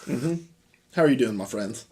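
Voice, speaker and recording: A man's voice: mid-range voice, lively intonation, moderate pace, dark tone, a little hiss or hum. A man hosting a gaming podcast with a stuffy cold, teasing his co-hosts in casual chat. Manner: joking, teasing introductions. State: stuffy, under the weather. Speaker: podcast host.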